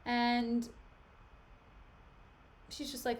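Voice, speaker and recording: A woman's voice: a little high, lively intonation, a little slow, slight background noise. A young woman streaming, retelling a play in a chatty, gossipy way full of "like". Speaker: streamer reading a play aloud. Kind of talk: casual chat and retelling.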